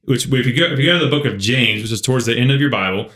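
A man co-hosting a podcast, telling a story in an animated, casual way full of filler words. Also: medium pitch, very fast. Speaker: podcast co-host. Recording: roomy echo.

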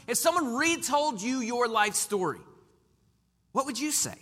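Male preacher, high bright voice, emphatic delivery, long hall reverb. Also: moderate pace. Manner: animated, emphatic preaching with sudden loud and soft turns. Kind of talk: sermon.

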